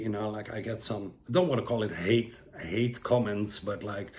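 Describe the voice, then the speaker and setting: A man giving a relaxed, rambling guided breathing lesson, full of fillers and restarts. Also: lowish voice, normal speed, hardly any pauses. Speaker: breathwork instructor.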